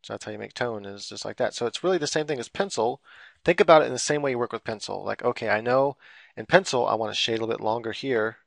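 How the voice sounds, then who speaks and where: A man's voice: mid-range voice, fast, creaky, dry recording, clean studio sound. A man giving a casual, rambling drawing tutorial while he works on screen, full of fillers and loose explanations. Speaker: drawing instructor.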